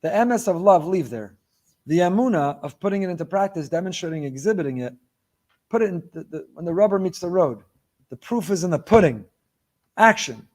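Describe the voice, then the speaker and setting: Male rabbi, sermon delivery, emphatic and repetitive, voice sits a bit high. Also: lively intonation, fairly quick, darkish tone. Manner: emphatic, repeats key phrases.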